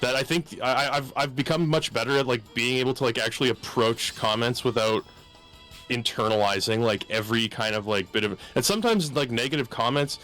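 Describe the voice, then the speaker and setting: Regular-pitched guy thinking out loud on a game podcast, lots of "like"s, calm and reflective. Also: a little fast, soft background music. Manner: thoughtful, reflective, hedging with 'like'. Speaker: podcast guest who makes videos. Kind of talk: casual chat.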